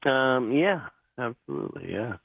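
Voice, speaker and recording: A male caller from Minnesota who speaks slowly and halts over his words. His voice comes through a thin, tinny phone line. The sound is dry and close. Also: mid-range voice, big pitch swings, creaky, breathy edge, dry recording. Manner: halting, stammering.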